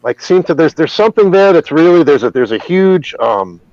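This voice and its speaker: A man talks on a podcast in a loose, rambling way, stopping and restarting his sentences and swearing freely. His voice sits a bit high for a man. The recording is dry and a little dull and lo-fi. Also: sing-song, normal speed, no echo. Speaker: podcast host. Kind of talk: casual conversation, personal storytelling.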